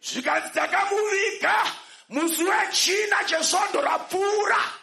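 A man interpreting a sermon, shouting the lines with emphasis. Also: very high-pitched, moderate pace, gravelly, echoey room.

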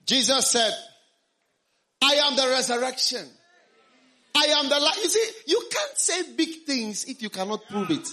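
Male preacher, high bright voice, acts out the story line by line for an interpreter. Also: big pitch swings, unhurried, long pauses. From studied medicine. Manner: dramatic storytelling, acting out the characters' lines. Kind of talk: sermon with interpreter.

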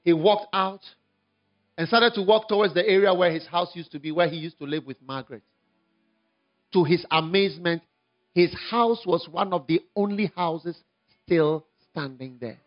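A man preaching an evangelistic sermon, telling a story dramatically, swinging from hushed to shouting. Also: sits high, normal speed, dull audio, soft background music.

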